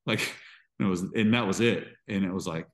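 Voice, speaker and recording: A man, a pastor and podcast guest, speaking candidly and emotionally in a halting way with frequent restarts. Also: low voice. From Georgia. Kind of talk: candid interview conversation.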